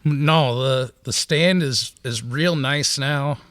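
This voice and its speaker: A man's voice: medium pitch, slow, fairly bright tone, no room sound. A man in his thirties chatting casually, with wry, teasing banter. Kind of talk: casual chat.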